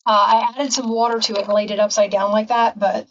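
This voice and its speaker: A woman's voice: medium pitch, flat delivery, fast, far from the mic, lo-fi sound. A woman hosting a casual craft tutorial, chatting and rambling with frequent ums in her home craft room. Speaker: craft channel host.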